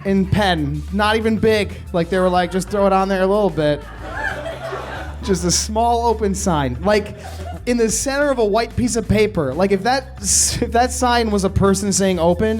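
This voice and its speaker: A man's voice: high-pitched, a little mellow. Rambling comic storyteller, man. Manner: rambling, self-interrupting, laughing through the telling. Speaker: comedian telling a story on a podcast. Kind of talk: stand-up style comic storytelling.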